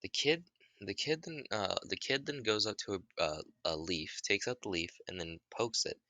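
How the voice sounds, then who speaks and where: A man's voice: lowish voice, moderate pace, sharp tone, no room sound. A man casually retelling a made-up story, rambling with restarts and the odd curse.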